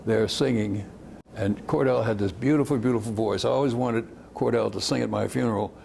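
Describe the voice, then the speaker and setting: With a low voice touched by vocal fry and a little mellowness, an older civil rights veteran fondly describes old photos amid slight background noise. He rambles as he reminisces, chuckling often and trailing off.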